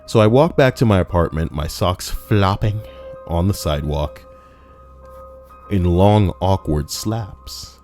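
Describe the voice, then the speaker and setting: Deep, brash, profane story reader. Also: male voice, animated, takes it slowly, a little mellow, soft background music. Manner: brash, mocking, profane rants between read passages. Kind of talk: reading stories aloud with crude commentary.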